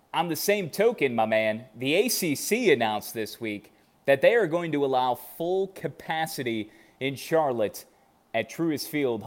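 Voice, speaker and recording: Energetic man from Chicago, chatty. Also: mid-range voice. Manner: energetic, animated storytelling. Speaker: podcast co-host. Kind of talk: casual sports chat.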